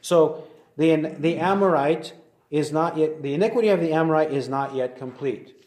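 A man teaching verse by verse through a Bible passage, reading verses slowly and deliberately. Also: on the high side, a little mellow. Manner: deliberate, slows to read verses aloud. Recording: roomy echoey recording.

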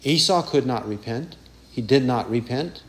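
A man's voice: mid-range voice, animated, moderate pace, a bit bright. A man preaching a sermon with emphasis, repeating phrases and mimicking taunting voices.

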